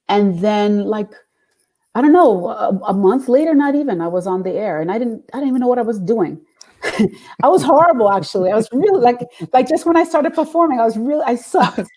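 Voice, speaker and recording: Middle-aged woman guest, lively storyteller, mid-range voice, plays out quoted lines. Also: mid-range voice. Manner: animated, acts out quoted voices with laughs. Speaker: guest, singer and radio DJ. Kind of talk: casual interview storytelling.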